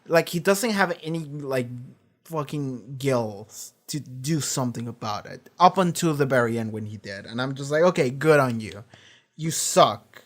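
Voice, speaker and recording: Male streamer, mid-pitched, animated and profane, rambling casual reaction talk at home. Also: moderate pace.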